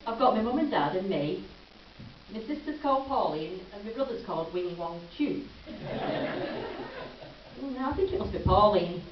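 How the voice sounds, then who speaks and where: A woman's voice: medium pitch, expressive, moderate pace, long pauses, noisy background. A woman performing a chatty stand-up comedy routine, teasing the audience as she goes. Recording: lo-fi camcorder from a distance in an echoey hall.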